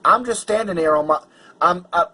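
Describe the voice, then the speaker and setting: A man's voice: high-pitched, normal speed, pushed and bright, low-quality recording. A man vlogger telling a personal story in an agitated, emphatic way, stumbling over restarts. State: angry and worked up.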